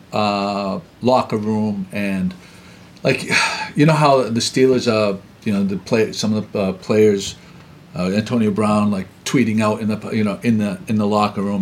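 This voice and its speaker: A man hosting an interview, asking long, halting questions with many fillers and restarts. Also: on the low side, slight background noise. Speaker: interview host.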